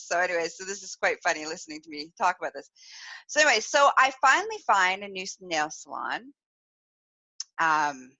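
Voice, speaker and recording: A woman podcast host telling a story in casual, animated talk, laughing often and using many fillers. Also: lowish voice, no room sound, muffled recording. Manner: animated, giggly, lots of fillers. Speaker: podcast host, sexual wellness specialist.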